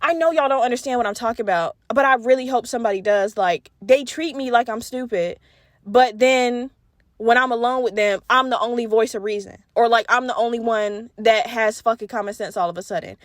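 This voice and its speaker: High-pitched woman, candid podcast chat. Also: brisk, dry recording, studio quality. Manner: candid and profane, animated storytelling. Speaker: podcast host. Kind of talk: casual solo podcast chat.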